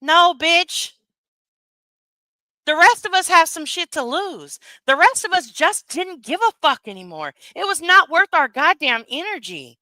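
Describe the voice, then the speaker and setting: A woman's voice: very high voice, very animated, measured pace, pushed and bright, dry recording, studio quality. A woman giving heated, profane livestream commentary, rambling with many asides and tags like "right?". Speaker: commentary streamer.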